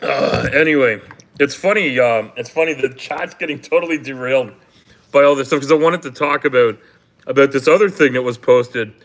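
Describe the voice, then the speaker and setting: A Canadian man from Toronto hosting a casual livestream, talking in halting, rambling bursts full of ums and restarts and swearing bluntly now and then. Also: mid-range voice. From Canada, grew up in Toronto. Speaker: livestream host. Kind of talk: casual livestream chat with viewers.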